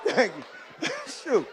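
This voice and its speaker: A man doing live stand-up comedy, telling animated stories and slipping into loud character voices. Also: sits high, noisy background.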